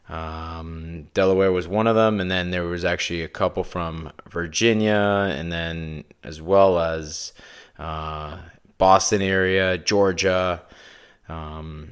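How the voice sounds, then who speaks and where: A man's voice: sits low, clear, resonant tone. A Canadian man from Toronto with a Toronto accent, hosting a podcast in a casual, rambling way, full of fillers and tangents. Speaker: podcast host.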